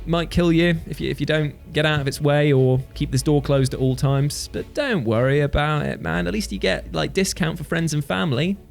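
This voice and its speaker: A man's voice: fairly high pitch, normal speed, vocal fry, few pauses, faint music behind. A man doing a blasé, drawling phone guy. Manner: casual, offhand, drawling. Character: blasé laid-back night-shift phone guy, adult man.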